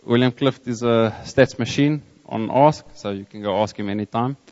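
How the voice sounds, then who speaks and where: A man's voice: mid-range voice, darkish tone. South African man preaching in a reverberant hall. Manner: storytelling, reflective, with many restarts and pauses. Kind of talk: sermon. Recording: long hall reverb, dull lo-fi sound.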